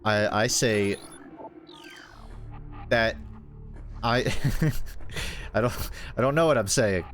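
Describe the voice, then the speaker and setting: Male streamer, low voice, unhurried, rambling jokes with chat. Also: fairly bright tone, faint music behind. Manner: rambling, self-deprecating, joking with chat. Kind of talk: casual livestream chat while gaming.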